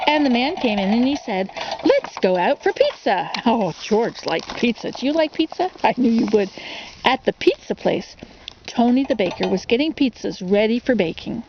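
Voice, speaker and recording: A woman's voice: on the high side, animated, normal speed, slight background noise. Lady rambling through a kids' storybook, lots of questions to the listener, bouncy voice, kinda muffled recording. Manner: rambling, chatty, digressing and asking the listener questions. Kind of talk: casual storybook reading for ASMR.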